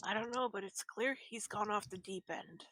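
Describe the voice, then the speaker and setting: A woman's voice: medium pitch, normal speed, pushed and bright, no room sound, poor audio. A woman player in a tabletop game, speaking in a matter-of-fact way.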